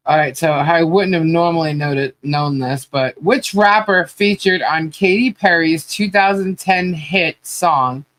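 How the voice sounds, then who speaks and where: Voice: mid-range voice, measured pace, few pauses, a bit bright. A podcast host in a casual, rambling trivia chat, laughing often as they talk.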